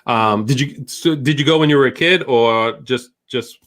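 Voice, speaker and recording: A man's voice: medium pitch, normal speed, fairly bright tone. Rambling man with a Boston accent. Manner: joking, rambling, many restarts. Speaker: host. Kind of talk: casual live-stream chat.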